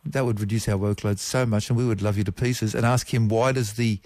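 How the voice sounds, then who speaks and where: A man's voice: on the low side, fairly even intonation, a little fast, a little mellow, no echo. A man chatting on a radio science segment, playful and fond of spelling out words letter by letter. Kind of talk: casual radio science chat. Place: radio studio. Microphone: studio microphone.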